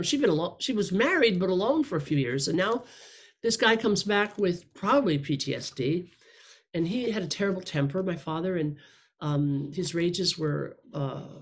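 Middle-aged woman, candid rambling testimony, speaking to a room. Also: fairly low pitch. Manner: candid, rambling, self-deprecating. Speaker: speaker sharing her story. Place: room with listeners.

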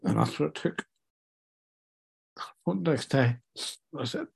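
Tearful man, husky and mellow. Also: fairly high pitch. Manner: candid, self-mocking, halting with fillers. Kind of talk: personal storytelling to an interviewer.

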